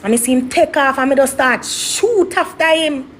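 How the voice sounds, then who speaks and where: Animated young woman storyteller. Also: sits high, normal speed, a little hiss or hum. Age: young adult. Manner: animated, dramatic retelling. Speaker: interview guest, artist. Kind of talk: storytelling interview.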